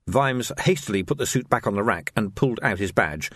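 A man's voice: normal speed, slightly rough, no echo, clean studio sound. A man narrating a story expressively as an audiobook reader. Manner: expressive storytelling, varied pitch.

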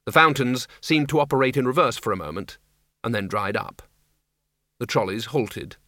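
A man's voice: medium pitch, moderate pace, no echo, studio quality. A man narrating a comic fantasy story as an audiobook reader. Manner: lively, expressive storytelling. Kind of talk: scripted narration.

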